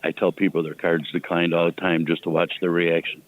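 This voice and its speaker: A man calling in to a radio show who answers in a flat, blunt way. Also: low-pitched, a little fast. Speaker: caller. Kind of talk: call-in radio. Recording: tinny phone line.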